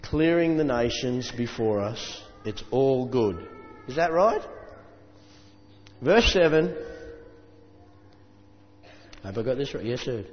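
A man preaching a sermon, chatting to the congregation with asides and reading scripture aloud, slowing down for emphasis. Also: mid-range voice, lively intonation. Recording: dull sound with long reverb in a hall.

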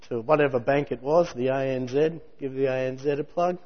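A man preaching a sermon in a lively, conversational way with jokey asides. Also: mid-range voice, a little fast, few pauses. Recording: muffled hall recording with long reverb.

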